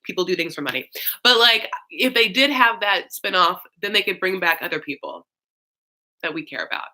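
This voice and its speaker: A woman's voice: fairly low pitch, sing-song, normal speed, sharp tone. A young woman hosting a casual livestream, rambling with lots of fillers and gushing thanks to her viewers. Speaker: host of a live recap stream.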